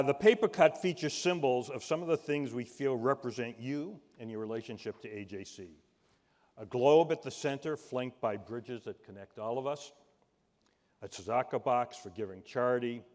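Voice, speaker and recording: Boston-accented man presenting a tribute, measured delivery, booming hall reverb. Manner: measured, warm, fumbles when improvising. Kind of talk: prepared tribute speech. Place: large event hall.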